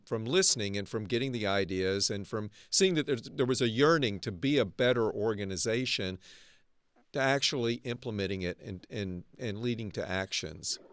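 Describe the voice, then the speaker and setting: A man hosting an interview, asking long, measured questions with hesitations. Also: fairly low pitch, clean tone, dry recording. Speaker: dean, interview host.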